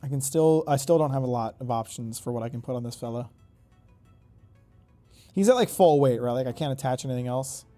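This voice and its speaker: A man's voice: medium pitch, brisk, pauses often, dark tone, soft background music. A man giving casual gameplay commentary, rambling and joking, often correcting himself mid-sentence. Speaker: gaming YouTuber.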